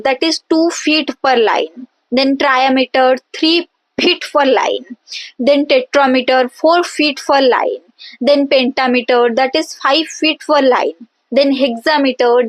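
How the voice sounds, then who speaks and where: A woman teaching a lesson on poetry, speaking deliberately with frequent fillers and repeating example words slowly. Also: high-pitched, dry recording, rough recording. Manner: drawn-out pronunciation of example words. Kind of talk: explanatory lesson.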